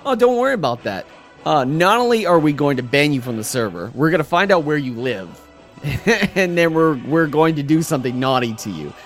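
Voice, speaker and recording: A man, a young adult, chatting casually as co-host of a gaming podcast, animated and laughing as he acts out quotes. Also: a little high, fairly quick, soft background music. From United States. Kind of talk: casual chat.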